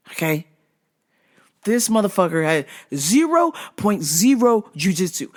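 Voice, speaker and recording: A podcast host ranting casually about fights, swearing a lot and getting heated and excitable. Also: fairly quick. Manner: wide, jumpy pitch swings when worked up. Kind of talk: casual solo rant podcast.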